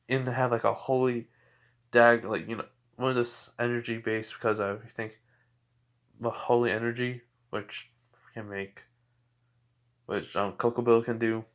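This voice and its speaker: Guy rambling thru a fan story, lots of um and you know, mid pitch. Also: fairly bright tone. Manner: rambling, many fillers and restarts. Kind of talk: casual fan-fiction narration.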